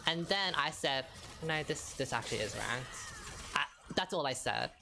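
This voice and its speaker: A woman's voice: a bass voice, lively intonation, normal speed, vocal fry, music in the background. A woman streaming a game and chatting casually with her viewers, arguing her point with rhetorical questions. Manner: exasperated, rhetorical, repeats herself. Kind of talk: casual stream chat while gaming.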